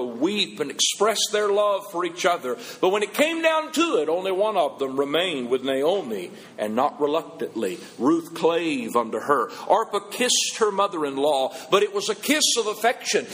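A preacher with a high voice delivers a sermon in a church. His pitch climbs and drops sharply, and he slows down hard to press his points. The sound carries a long hall reverb. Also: a bit bright. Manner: rises and falls in pitch, slows for emphasis.

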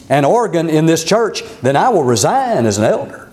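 A man preaching a sermon, telling a Bible story in an animated way and acting out the quoted lines. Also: normal speed, hardly any pauses. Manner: animated storytelling, voices quotes with raised pitch.

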